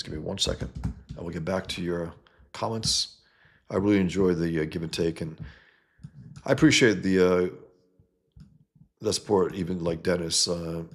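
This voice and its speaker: A man's voice: sits low, vocal fry, a bit bright. A man hosting a casual livestream, reading chat comments and rambling bluntly, often trailing off mid-sentence.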